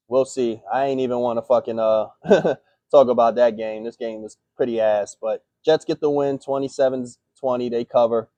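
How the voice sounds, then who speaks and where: A man ranting through a sports recap in loose slang and a stream of curses. His voice is dark and mellow, and he flares up into sudden outbursts. The sound is dry and close, with no room around it. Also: mid-range voice, no room sound, dull audio. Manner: heated, profane, slangy, rapid outbursts. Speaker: sports picks show host. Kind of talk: casual sports recap rant.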